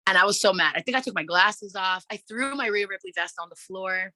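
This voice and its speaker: A woman hosting a casual wrestling podcast, excitable and swearing often, acting out her own reactions as she tells a story. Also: medium pitch, brisk, dry recording. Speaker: podcast host.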